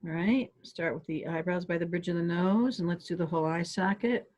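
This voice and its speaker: Calm woman coaching a tapping exercise. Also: on the low side, brisk, highs cut off. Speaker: stress relief instructor. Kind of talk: guided tapping exercise instruction. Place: home office on a webinar. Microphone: video call.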